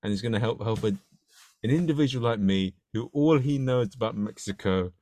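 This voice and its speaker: A man's voice: mid-range voice, fairly quick, warm tone, dry recording. A man with a london accent hosts a podcast in an ordinary mid-range voice. he keeps things chatty and loose, tripping over his words and breaking into laughter. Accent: London English. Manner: chatty, stumbling, laughing often. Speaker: podcast host. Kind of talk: casual interview chat.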